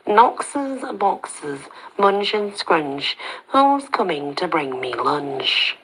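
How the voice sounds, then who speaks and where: A woman's voice: lowish voice, sing-song, drawn-out words, a bit bright, a little hiss or hum, full character voice, rough recording. A woman voicing an unhinged grown man locked in a cage, with a nasal, singsong, rhyming way of talking.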